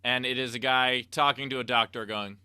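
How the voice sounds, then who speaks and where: A man's voice: medium pitch, steady tone, a little fast, bright, forceful tone, clear, resonant tone, no echo, clean studio sound. A man co-hosting a casual comedy show over a video call, reading out viewer tips and messages with self-mocking jokes. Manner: joking, self-mocking, reads donor messages aloud.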